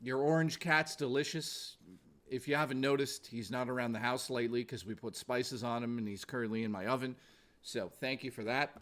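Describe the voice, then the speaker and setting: A man's voice: medium pitch, fairly even intonation, fairly quick, fairly bright tone, a little hiss or hum. A man streaming from home, chatting casually with crude, profane jokes and rambling asides. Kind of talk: casual livestream chat.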